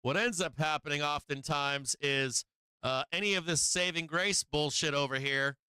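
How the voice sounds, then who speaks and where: A man's voice: fairly high pitch, moderate pace, clear, resonant tone, no room sound. Brash, swearing man explaining charts. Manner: blunt, swearing, animated with mock quotes of traders. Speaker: stock market livestream host. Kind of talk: casual profane market commentary.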